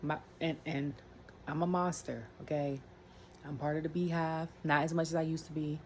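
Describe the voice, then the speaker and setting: Brief: woman, low voice, rambling wrestling rant, faint room hiss. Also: fairly even intonation, normal speed. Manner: rambling, chatty, many fillers and asides. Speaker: wrestling commentary vlogger. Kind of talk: casual rant.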